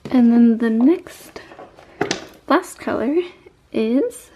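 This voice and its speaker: A young woman hosting a beauty unboxing vlog, gushing and squealing with excitement. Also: fairly high pitch, extremely slow, slight background noise. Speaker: beauty vlogger. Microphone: camera mic.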